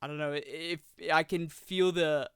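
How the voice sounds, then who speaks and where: Young guy gushing about a movie on a podcast, smooth clear voice, kinda high, dead dry room. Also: normal speed, no room sound. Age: 20s. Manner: excited, rambling with restarts. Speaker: podcast co-host. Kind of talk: casual film review chat.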